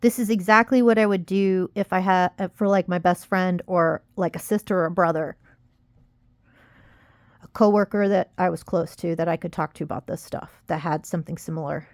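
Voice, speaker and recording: A woman's voice: lowish voice, fairly even intonation, moderate pace, no room sound. A young woman vlogging casually, rambling and frustrated, close to tears as she warns viewers. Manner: rambling, frustrated, self-critical. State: upset, near tears. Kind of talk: casual confessional vlog.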